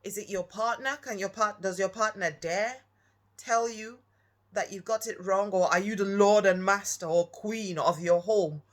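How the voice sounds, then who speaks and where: A woman's voice: medium pitch, unhurried. Earnest woman, reflective talk. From Nigeria. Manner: earnest, questioning the listener directly. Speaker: speaker.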